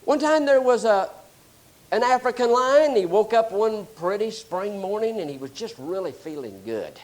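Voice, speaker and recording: A man preaching a sermon, explaining scripture and telling animated stories. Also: sits high, normal speed. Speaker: pastor.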